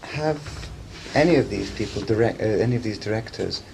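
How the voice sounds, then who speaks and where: Polite man interviewer, low gravelly voice. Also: darkish tone, rough recording. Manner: polite, measured questioning. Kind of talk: interview questions. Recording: old interview tape with faint hiss.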